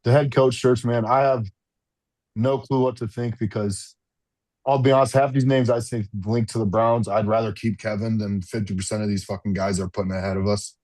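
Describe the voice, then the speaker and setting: A man with a fairly low voice talks football in a loose, meandering way, full of "like" and "um" and false starts. He speaks over a remote video call, dropping an occasional curse as he chats. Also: steady tone, brisk, darkish tone, no echo. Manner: rambling, frequent fillers and restarts, mild swearing. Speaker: podcast co-host and football fan. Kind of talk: casual sports chat.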